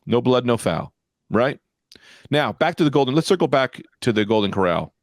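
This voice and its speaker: Brief: young male podcast co-host, lively swooping delivery, dry close mic, storyteller who plays every part. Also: mid-range voice, moderate pace, no room sound. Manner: animated storyteller, acts out quoted people. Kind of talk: casual chat.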